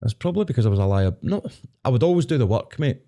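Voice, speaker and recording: A man's voice: medium pitch, very animated, very fast, dark tone. A man with a Scottish accent, co-hosting a casual podcast, blunt and sweary, often saying "mate". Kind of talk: casual chat.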